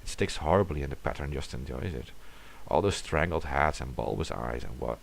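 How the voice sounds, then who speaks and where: Super deep voiced guy, gravelly, reading a creepy story out loud, faint hiss behind. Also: animated, a little fast. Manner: dramatic reading, sometimes dropping to a whisper. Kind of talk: reading a horror story aloud.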